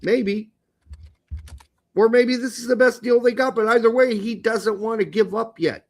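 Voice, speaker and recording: A man with a notably high voice co-hosts a soccer podcast. He talks bluntly and casually, tossing in swearing and jokey asides. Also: steady tone, measured pace. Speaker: podcast co-host.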